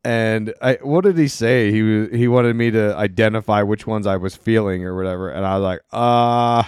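A man's voice: on the low side, steady tone, a little fast, a little mellow, clean tone, dry recording, clean studio sound. A man co-hosting a casual chat about his marriage, earnest and reflective, often restarting his sentences. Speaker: co-host.

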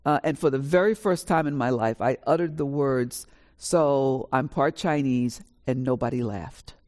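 A woman in her sixties from New York, an author telling her family story on a live panel in a lively, animated way. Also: extremely low pitch, moderate pace. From New York, USA. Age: 60s. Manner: lively, animated storyteller who acts out dialogue. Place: college auditorium with a live audience.

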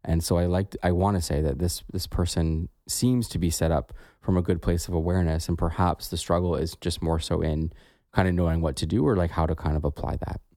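A man's voice: low-pitched, steady tone, brisk, warm tone, dry recording, studio quality. A man co-hosting a podcast, talking in a reflective, casual way with many "like" fillers. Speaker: podcast co-host.

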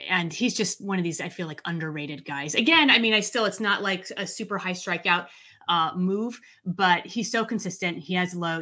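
A woman's voice: fairly low pitch, pushed and bright. A woman analyst explaining her fantasy baseball picks casually, thinking aloud as she goes. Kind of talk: casual draft chat.

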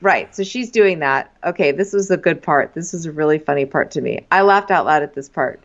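A woman co-hosting a podcast, recapping a reality show in casual, expressive chat. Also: deep voice, a little fast. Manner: expressive, mimics people, giggly. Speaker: podcast co-host. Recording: dull lo-fi recording.

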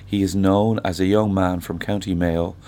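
Irish singer-songwriter in his sixties, low voice, thoughtful unhurried storyteller in an interview. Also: little pitch movement, dark tone. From Ireland. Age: 60s. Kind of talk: reflective conversational interview.

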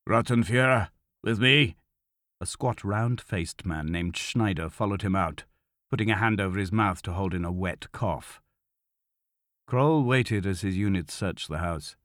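A male narrator reads a thriller novel in a steady, measured voice that sits on the low side. The sound is close and dry, with no room echo. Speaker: audiobook narrator. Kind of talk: scripted narration.

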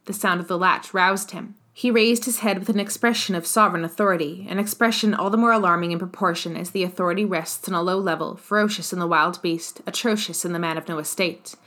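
A woman reads a classic novel aloud in a measured, expressive narration. Her pace is even and her delivery clear. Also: on the low side. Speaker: audiobook narrator.

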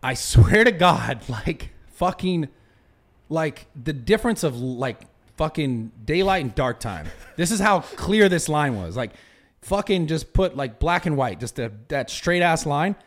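Animated young man telling a wild story. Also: fairly high pitch, unhurried. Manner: animated storytelling with heavy swearing and restarts. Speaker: podcast host. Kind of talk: casual podcast chat.

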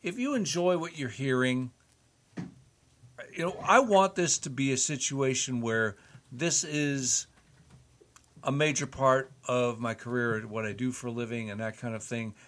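A man's voice: medium pitch, a bit bright. A man co-hosting a podcast, chatting casually with folksy, joking asides and ad-libbing a plug for the show. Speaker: podcast co-host. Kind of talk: casual chat, ad-lib plug.

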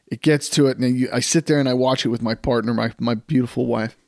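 A man co-hosting a casual podcast, telling stories in an animated, rambling way with frequent restarts. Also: medium pitch, quick pace, creaky, no room sound, studio quality. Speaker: podcast co-host.

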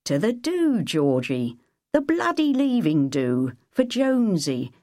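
A woman reading an audiobook, voicing a hearty office colleague with a loud, booming manner. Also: wildly swooping pitch, slow, no echo, studio quality, heavily acted. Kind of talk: audiobook character voice.

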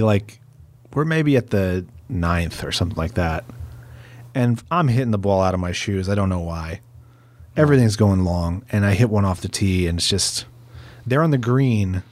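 Easygoing man, low voice, dry sound. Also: expressive, unhurried, darkish tone, dry recording. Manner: easygoing, laughs often. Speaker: guest. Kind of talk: casual chat.

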